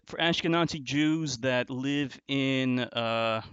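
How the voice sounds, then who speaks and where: Contemptuous guy ranting over screenshots, kinda high voice, dull dry sound. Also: animated, normal speed, a bit bright, no room sound. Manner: contemptuous and insulting, with frequent restarts. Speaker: commentary video host. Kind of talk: scornful commentary reacting to an online argument.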